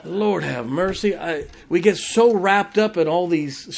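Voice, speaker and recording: A man preaching a sermon in a folksy, joking way, with sudden shouted exclamations. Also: sits high, measured pace, gravelly, hardly any pauses. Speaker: pastor.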